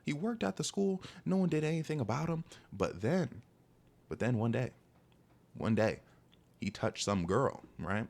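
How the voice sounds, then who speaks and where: A young man tells a personal story in a casual storytime monologue, animated and exasperated, constantly saying "bro." His voice is medium-pitched, creaky and a little slow.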